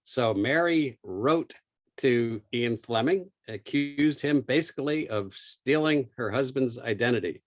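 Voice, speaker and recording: A man's voice: medium pitch, lively intonation, measured pace. A man giving an illustrated museum talk as author and lecturer, telling stories with frequent small fillers. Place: lecture room.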